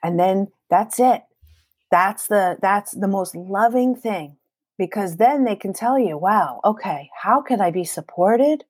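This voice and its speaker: An earnest woman in her forties talks about love and family as a guest in an interview. Her voice sits at an ordinary middle pitch, and the recording is close and dry, with no room sound around it. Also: animated, unhurried, a little mellow, husky, no room sound. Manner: earnest and emphatic, quoting herself in dialogue. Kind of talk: conversational podcast interview.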